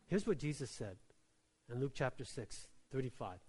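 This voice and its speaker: A pastor preaching a sermon in a conversational way, often checking in with the listeners and dropping soft and slow on key lines. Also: male voice, medium pitch, sing-song, breathy edge. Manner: conversational preaching with many tag questions.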